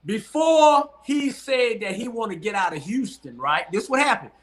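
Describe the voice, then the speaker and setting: Man in a sports debate, high bright voice, lively pitch, emphatic, repeats himself, video call audio. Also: normal speed. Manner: emphatic, repeats his points. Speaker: sports talk co-host.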